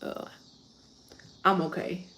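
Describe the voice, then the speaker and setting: A woman's voice: slow, pushed and bright. A woman, chatting casually on a livestream and answering viewer comments as she rambles. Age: 30s.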